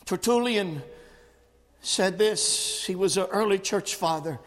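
A man delivering a sermon in a church, his voice sitting very high and rising into shouts, with many "uh" fillers between phrases. The sound rings with a long hall reverb. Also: takes it slowly. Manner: preaching cadence, frequent "uh" fillers, rising to shouts. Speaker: preacher. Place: church sanctuary.

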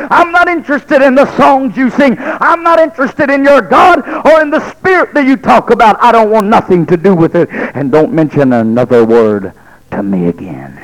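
A man's voice: very high-pitched, fairly bright tone, voice pushed up, full character voice, rough recording. A man preaching, voicing a stubborn young man who curtly refuses again and again.

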